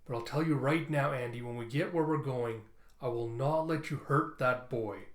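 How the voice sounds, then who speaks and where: A man's voice: medium pitch, moderate pace, roomy sound, close to an everyday voice. A man voicing an earnest young woman pleading with a friend, in a comic readthrough.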